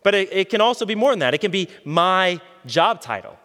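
A man's voice: high voice, big pitch swings, a little fast, bright, forceful tone, long reverb tail. A man preaching a sermon as a pastor, talking conversationally and asking his listeners questions. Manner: conversational, asks the audience questions.

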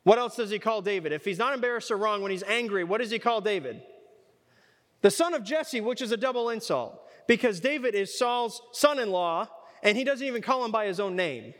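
A man's voice: high-pitched, animated, brisk, fairly bright tone, big-room sound. A man preaching a Bible study, conversational and fond of rhetorical questions. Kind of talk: sermon.

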